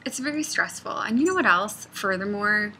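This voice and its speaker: Bright-voiced rambling woman. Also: mid-range voice, expressive, unhurried, a little hiss or hum. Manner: rambling, digressive, drops to a near-whisper. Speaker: knitting pattern designer. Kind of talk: casual vlog chat.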